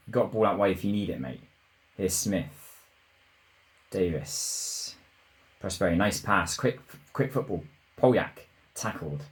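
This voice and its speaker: Low-pitched male gamer, excitable live play commentary, muttering and shouting by turns. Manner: excitable, shouts at goals, mutters when frustrated. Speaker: gaming YouTuber.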